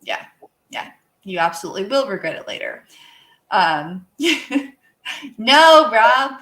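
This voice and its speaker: A woman co-hosting a casual livestream talk show, chatty and quick to laugh, often trailing off and correcting herself. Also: a little high, sing-song, fairly bright tone. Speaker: podcast co-host.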